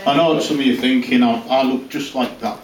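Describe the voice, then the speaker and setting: This character comedian's delivery is fairly quick, medium in pitch and fairly even in intonation, close to his everyday voice, as he plays a blunt, rambling Cumbrian farmer. He talks crudely and brashly in a Cumbrian accent during a live act in a small pub comedy room. The recording is roomy and distant, amid a noisy live crowd.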